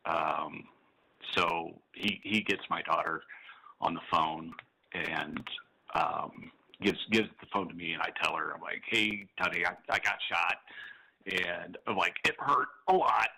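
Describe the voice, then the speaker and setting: Cop guest on talk radio, real low voice, bright edge, tells it straight with dark jokes. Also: male voice, fairly even intonation, slow pace, creaky, slightly rough, poor audio. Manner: matter-of-fact storytelling with dark humor. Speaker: police officer guest. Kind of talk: telling a story on a call-in radio show.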